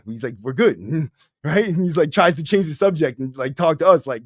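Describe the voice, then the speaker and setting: A young man spins a story in slangy, profane street talk, calling everyone "bro." His voice sits a little high for a man. The sound is dry and close, with no room around it. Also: expressive, brisk, dry recording. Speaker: podcast host. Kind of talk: casual storytelling to a livestream audience.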